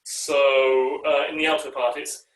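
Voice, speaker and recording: Unhurried choir director on a video call. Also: male voice, medium pitch, little pitch movement. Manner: demonstrates phrases by singing and speaking them; hesitant, with frequent ums and uhs. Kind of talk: online choir rehearsal coaching. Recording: echoey room, far from the mic.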